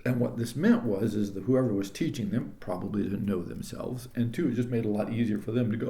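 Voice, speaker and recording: A man's voice: fairly low pitch, fast, hardly any pauses, dark tone, reverberant. A man giving a recorded lecture in a discursive, wandering way, full of restarts and asides.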